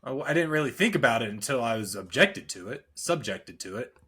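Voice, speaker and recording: A man co-hosting a casual podcast, telling profane, animated stories and griping about bad weather. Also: medium pitch, fairly quick, husky. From central Illinois. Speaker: podcast co-host.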